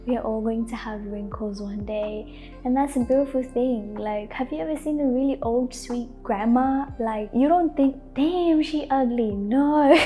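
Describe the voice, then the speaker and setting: A young woman talks softly and casually, with a mellow, somewhat high voice. She laughs easily and often says "like" as she gives gentle advice. Faint music plays behind her. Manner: gentle, soft-spoken, laughs often, uses "like" a lot. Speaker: lifestyle vlogger. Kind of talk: casual advice talk to camera.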